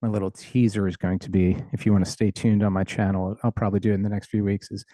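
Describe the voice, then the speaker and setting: Middle-aged guy nerding out about audio gear on a video call, mellow voice, dry sound. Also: on the low side, level tone, quick pace, dry recording. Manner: enthusiastic, explains technical ideas plainly with self-aware humor. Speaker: audio engineer and educator, guest. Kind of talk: casual explanatory interview.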